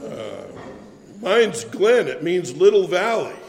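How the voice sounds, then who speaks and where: A man's voice: high-pitched, sing-song, slow, vocal fry, big-room sound. A man preaching a sermon, telling a funny story with playful swings in his voice.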